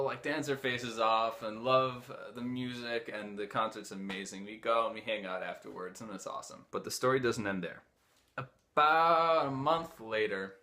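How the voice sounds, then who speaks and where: A young man casually telling a personal story, animatedly acting out the dialogue of the people in it. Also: mid-range voice. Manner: animated, acts out dialogue in quoted voices. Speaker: host.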